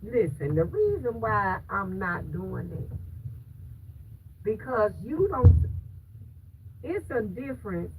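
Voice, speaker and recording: Slow gravelly woman chatting to viewers. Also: medium pitch, sing-song. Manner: emphatic, preachy, repeats phrases for stress. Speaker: vlogger. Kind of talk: casual faith-filled chat to viewers. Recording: distant mic with loud background noise.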